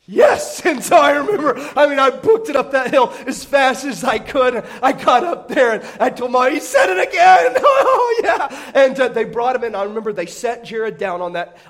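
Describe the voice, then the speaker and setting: High-voiced man telling a lively sermon story. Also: brisk, hardly any pauses. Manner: animated storyteller, self-deprecating humor, often restarts phrases. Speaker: pastor.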